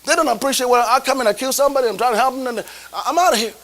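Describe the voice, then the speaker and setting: A man voicing an exasperated male prophet who protests in quick questions, acted within a sermon. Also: very high voice, fairly bright tone. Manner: incredulous, rapid protesting questions.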